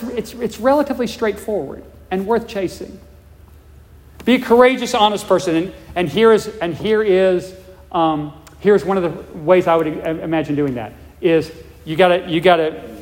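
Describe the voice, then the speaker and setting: A male pastor delivers a sermon in a fairly high voice. He is emphatic, stacking rhetorical questions and repeating words as he builds his points. His voice rings out with a long reverb, as if in a large church hall. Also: darkish tone.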